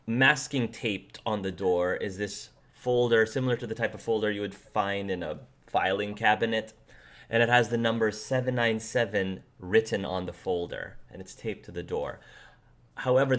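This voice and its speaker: A man acting as game master, narrating scenes loosely and descriptively, with frequent restarts. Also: on the low side.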